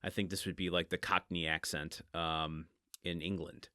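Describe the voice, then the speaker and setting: A low-pitched man hosts a casual book podcast from home and thinks aloud as he goes. He rambles and pokes fun at himself, and his voice has a bright, forceful edge. The close mic sounds dry. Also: flat delivery, moderate pace, clean tone, no echo. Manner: rambling, self-deprecating, laughs and thinks aloud. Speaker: podcast host.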